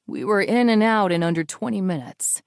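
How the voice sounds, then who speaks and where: A woman voicing a calm, restrained, protective man who speaks in a measured way in an audiobook. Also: mid-range voice, clean tone, dry recording, clean studio sound, lightly acted.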